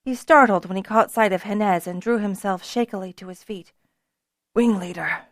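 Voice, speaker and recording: A woman reading a fantasy novel aloud as an audiobook narrator, measured and even. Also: mid-range voice, no echo, clean studio sound.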